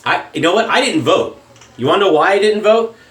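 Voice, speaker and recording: A man's voice: high voice, expressive, a little fast, a bit bright. A man delivering a heated, profane rant in a shaving vlog. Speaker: shaving vlogger. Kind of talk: angry political rant. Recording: echoey room.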